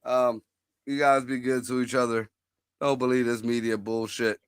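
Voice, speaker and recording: A man's voice: medium pitch, level tone, moderate pace, clean tone, no room sound, clean studio sound. A man hosting a casual livestream chat, talking bluntly and profanely as he riffs. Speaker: host.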